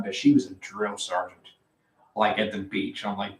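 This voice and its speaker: A man's voice: on the low side, normal speed, far from the mic. A man telling a long story in casual chat at a poker game, swearing freely and acting out what his friends said. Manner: profane, animated storyteller who acts out quotes. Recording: roomy echo, away from the mic.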